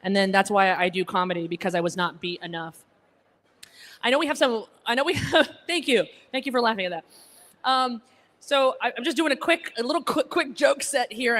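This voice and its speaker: A woman's voice: medium pitch, a bit bright. A woman from Egypt, raised in Alabama, with an American accent like someone from Connecticut, doing a stand-up comedy set at a gala and teasing the crowd. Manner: chatty, teasing the crowd, self-deprecating. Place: banquet hall with a live audience.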